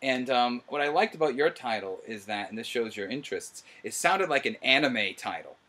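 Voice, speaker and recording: A middle-aged man hosting a casual commentary chat, excitable and quick to laugh. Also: mid-range voice. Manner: animated, laughs often, excitable. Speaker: host.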